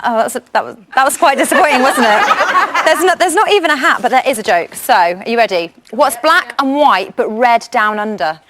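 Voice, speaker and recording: A woman's voice: on the high side, expressive, a little fast, a crowd in the background. Bubbly American woman presenting. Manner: jokey, playful delivery. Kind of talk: lively TV chat show presenting.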